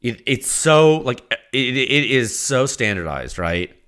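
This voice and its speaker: A man hosting a solo podcast, talking in a rambling, conversational way with repeated words and quick asides. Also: medium pitch, big pitch swings, fairly bright tone. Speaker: podcast host.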